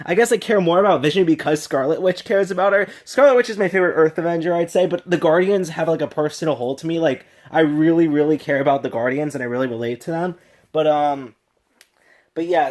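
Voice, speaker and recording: A man's voice: on the high side, a little mellow. A tipsy man casually reviewing a film on his vlog, gushing and rambling with many restarts and laughs.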